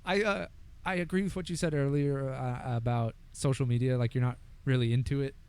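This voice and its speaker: A young man co-hosting a podcast in casual chat, animated, swearing and laughing often. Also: mid-range voice, a little fast, smooth. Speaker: podcast co-host.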